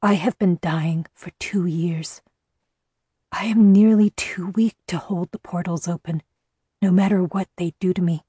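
Lady reading as a weak dying oracle, thin airy whisper, slow and grave, dry close mic. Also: on the low side, fairly even intonation, husky, dry recording. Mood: weak solemn. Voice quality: soft, strained, airy whisper. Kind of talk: audiobook narration.

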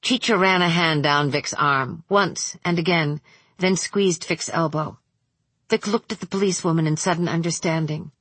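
A woman narrating a novel aloud in a measured, steady reading voice. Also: deep voice, husky, no echo. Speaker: audiobook narrator. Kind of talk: scripted narration.

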